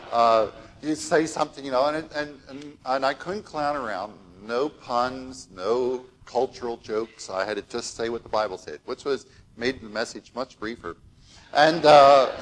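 An older man preaching a sermon, telling a Bible story in an animated way and acting out the voices of the people in it. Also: mid-range voice, rough recording.

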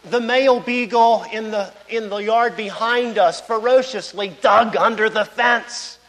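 High-voiced male preacher in a hall. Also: unhurried, fairly bright tone. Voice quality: conversational, digressive, storytelling. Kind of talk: sermon. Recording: long hall reverb.

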